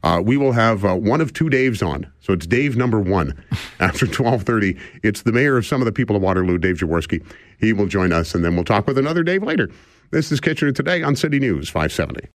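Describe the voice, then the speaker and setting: A man's voice: fairly low pitch, animated, quick pace, no room sound. A man in his sixties hosting a radio talk show in a casual, rambling and self-deprecating way, chuckling often. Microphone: studio microphone.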